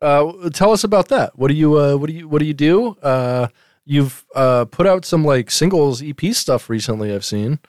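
A man's voice: a little high, lively intonation, moderate pace, a little mellow, dry recording, studio quality. A man in his thirties co-hosting a podcast, chatting casually, rambling and swearing freely. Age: 30s. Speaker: podcast co-host.

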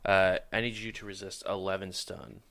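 A man's voice: low-pitched, little pitch movement, normal speed, gravelly, pushed and bright. A man narrating as the game master of a tabletop role-playing game, teasing his player and laughing often.

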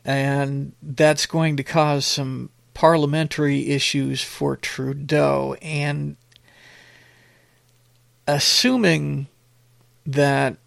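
An older man hosting a casual political commentary show, rambling and halting with many fillers, blunt and opinionated. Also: medium pitch, little pitch movement, vocal fry, no echo, clean studio sound.

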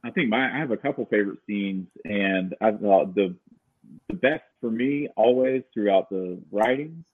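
A man telling stories about directing a film shoot in a casual, rambling chat, full of fillers and lively quoted asides. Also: fairly low pitch, moderate pace, phone-quality sound.

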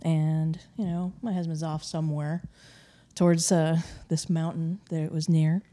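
Woman guest, mellow voice, animated storyteller with loose filler words. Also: mid-range voice. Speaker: interview guest. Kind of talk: recounting a personal encounter.

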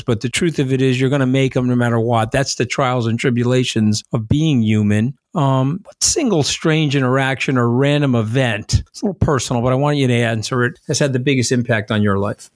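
A man's voice: mid-range voice, a little fast, few pauses, dry recording, studio quality. A middle-aged man hosting an interview, asking questions in a chatty, joking way with frequent restarts. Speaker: podcast host. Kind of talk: conversational interview.

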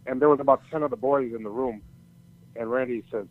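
An older man spins a loose, meandering story in casual conversation, his speech full of cursing and false starts. His voice sits at an ordinary pitch. The sound is thin and tinny, like a phone line. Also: steady tone, fast. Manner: rambling, profane, many restarts. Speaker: storyteller guest.

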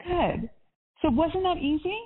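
A woman's voice: very high voice, lively intonation, measured pace. A woman life coach on a coaching call, chatty and upbeat, with lots of casual fillers. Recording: tinny phone line.

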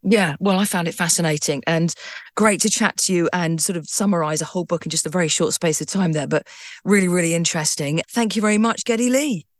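A woman's voice: lowish voice, fast, no room sound, clean studio sound. A woman hosting a podcast, asking questions in a friendly, encouraging way. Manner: friendly, encouraging, brief interjections. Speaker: podcast host. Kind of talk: casual interview.

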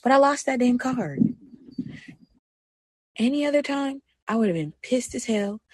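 A young woman hosting a personal podcast, talking candidly. She moves between soft reflection and animated self-talk. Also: fairly high pitch, measured pace, slightly rough, no room sound. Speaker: podcast host.

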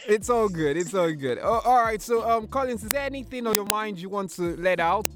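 A man's voice: high voice, animated, fairly quick, over music. A man from Nigeria hosting a casual chat, joking and laughing often. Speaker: host.

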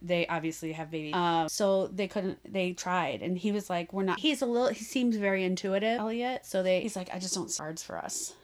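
A woman's voice: mid-range voice, brisk, few pauses. A young woman co-hosting a podcast, chatting casually about books and acting out scenes as she retells them. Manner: animated storyteller, gushing, slips into quoted voices. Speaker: podcast co-host. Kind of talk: casual book chat.

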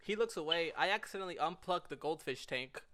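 A young man with a high, bright voice hosts a casual podcast chat. His pitch swings widely as he tells stories. He laughs through them and acts out what people said. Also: animated, fast. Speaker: podcast co-host.

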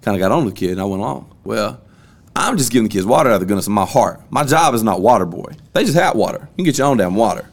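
A man's voice: lowish voice, animated, rapid-fire. A man, hosting a casual podcast and telling a story bluntly. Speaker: podcast host.

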